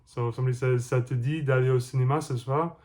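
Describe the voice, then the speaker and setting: Guy teaching french phrases, flat steady voice, patient, walks thru examples. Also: medium pitch. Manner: measured, explains slowly and gives examples. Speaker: language teacher vlogger. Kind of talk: casual language lesson to camera.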